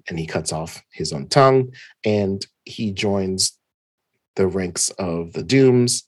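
A man's voice: sits low, slow, no room sound, clean studio sound. A man co-hosting a podcast who recaps a comic in casual chat. He is chatty, laughs often and sometimes loses track of names.

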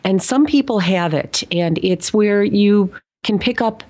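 A woman's voice: medium pitch, a little slow, a little mellow. A woman from the Chicago area, a voice actress, telling stories as a guest in a loose, rambling way. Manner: rambling, many fillers and restarts, laughs easily. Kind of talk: casual interview chat.

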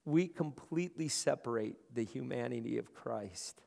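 A man's voice: medium pitch, moderate pace, creaky, a little mellow. A male pastor preaching a conversational sermon, often repeating words as he starts his phrases. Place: large room. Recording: long hall reverb.

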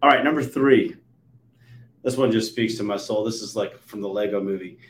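A man in his forties hosting a podcast, telling stories with animated swings between loud and soft. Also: lowish voice, normal speed. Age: 40s. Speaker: podcast host. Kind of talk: conversational interview. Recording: roomy echo.

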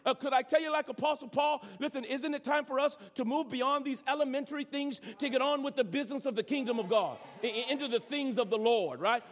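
A man's voice: very high voice, fairly quick, few pauses. A man preaching a sermon as pastor of a church, often repeating words as he starts a phrase. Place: large church sanctuary. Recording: long hall reverb.

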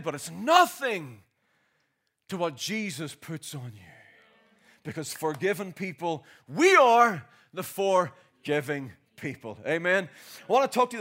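A man's voice: sits high, fairly bright tone. A Northern Irish man in his forties preaching a sermon, telling a homely story and building up into rousing exhortation. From Northern Ireland. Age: 40s.

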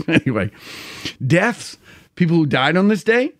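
New man, 50s, livestream host; rambling, crude jokes, animated pitch. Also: normal speed, no room sound. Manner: loose, crude, jokey rambling with frequent laughter. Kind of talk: casual chat.

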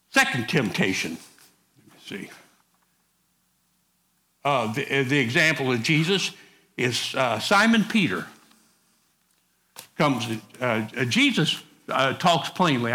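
A middle-aged male pastor with a medium-pitched, bright, forceful voice preaches a sermon in a folksy, conversational way, tossing casual asides to the congregation.

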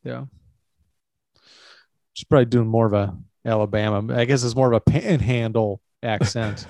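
A man's voice: mid-range voice, steady tone, moderate pace, darkish tone, dry recording, clean studio sound. Easygoing man chatting about movies. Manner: laid-back, laughs often. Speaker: podcast co-host. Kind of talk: casual movie chat.

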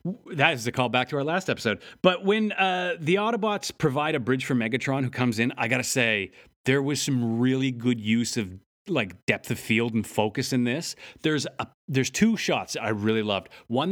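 Chatty man recapping a cartoon episode. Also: medium pitch. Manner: animated, acts out character lines in funny voices. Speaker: podcast co-host. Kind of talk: casual recap chat.

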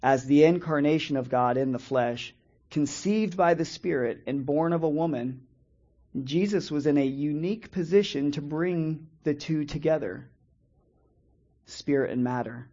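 Measured, mellow-voiced male preacher. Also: fairly high pitch, lo-fi sound. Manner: measured, reads scripture slowly with pauses and restarts. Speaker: preacher teaching a Bible study. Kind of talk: sermon-style Bible teaching.

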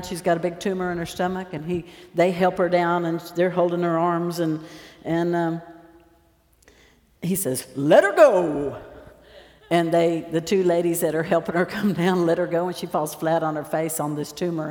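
A woman preacher giving a lively sermon, telling stories and acting out the scenes as she goes. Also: on the low side, normal speed. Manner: lively storytelling, acts out scenes. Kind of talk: sermon with stage demonstration. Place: large church hall. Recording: roomy echo, long hall reverb.

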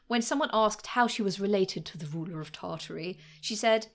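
A woman's voice: medium pitch, brisk, hardly any pauses. A woman co-hosting a podcast, telling history stories in a chatty, casual way, with many "like" fillers and frequent laughs. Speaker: podcast co-host.

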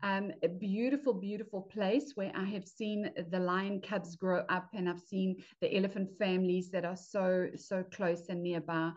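A woman from South Africa, a podcast guest, talking enthusiastically and warmly about her plans over a video call. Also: medium pitch, fairly even intonation, normal speed, few pauses, highs cut off. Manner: enthusiastic, upbeat, laughs often. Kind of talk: casual chat.

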